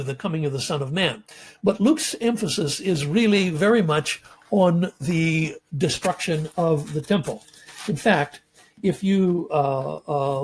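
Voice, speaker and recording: A Bible teacher with a fairly high, husky voice gives a measured, explanatory lecture on scripture, pausing frequently with ums and uhs.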